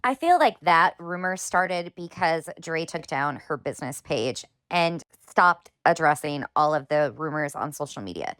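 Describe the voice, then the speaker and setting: A woman's voice: low voice, lively intonation, a little slow, hardly any pauses, fairly bright tone, clear, resonant tone, no room sound, clean studio sound. A woman hosting a commentary video, talking through clips with pointed, sarcastic questions. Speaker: commentary host. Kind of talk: drama commentary.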